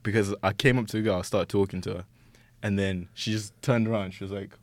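A young man, co-hosting a casual chat podcast, telling stories with lively acted-out voices. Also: lowish voice, fast talker, no room sound. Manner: animated storytelling, acts out voices, laughs often. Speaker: podcast co-host.

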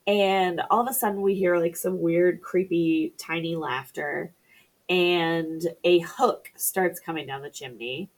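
A woman's voice: lowish voice, creaky. A woman co-hosting a podcast, giving a dry, wry plot recap from her notes in casual chat. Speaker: podcast co-host.

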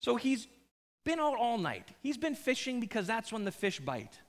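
A man preaches a sermon in a fairly high voice that swings widely in pitch. He tells the story in an animated, conversational way with jokes. A long reverb from the large church hall trails behind his voice. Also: normal speed. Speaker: pastor.

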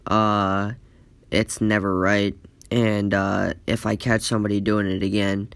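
A man's voice: fairly low pitch, level tone, a little slow, gravelly, fairly bright tone, smooth, no echo. A man voicing a stern male middle-school English teacher giving a lecturing warning.

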